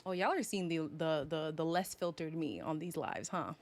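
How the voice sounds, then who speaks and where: A woman's voice: sits low, expressive, moderate pace. A young woman from Canada reviewing a reality show on a live stream in a sassy, dramatic, teasing way, often laughing. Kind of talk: casual live review chat.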